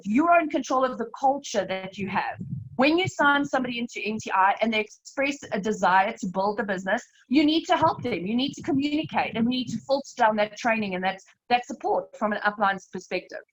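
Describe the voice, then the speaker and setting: A woman leading a live slide presentation, explaining step by step in a brisk, emphatic way and often calling her listeners "you guys". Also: on the high side, animated, highs cut off. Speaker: network marketing team leader presenting a webinar.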